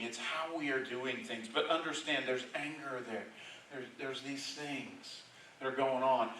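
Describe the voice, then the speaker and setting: A pastor preaches in a bright voice, talking with his congregation and often asking "right?" before he builds to loud, emphatic stretches. He is heard from a distance in a very echoey church sanctuary, and a faint hiss runs under the recording. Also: medium pitch. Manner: conversational preaching, frequent "right?" check-ins, rising to loud emphatic stretches. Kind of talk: sermon.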